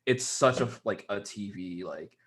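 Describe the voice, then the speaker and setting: Young male co-host, low-pitched, easygoing and rambling, heavy on fillers. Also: a little slow, fairly bright tone. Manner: rambling, filler-heavy, laid-back with mocking asides. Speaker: podcast co-host. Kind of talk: casual chat.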